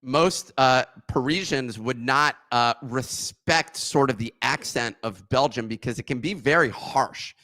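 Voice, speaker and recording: Male co-host, bright and dry, playful, stumbling restarts. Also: medium pitch, dry recording. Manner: joking, laughs often, halting restarts. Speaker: podcast co-host. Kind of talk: casual chat.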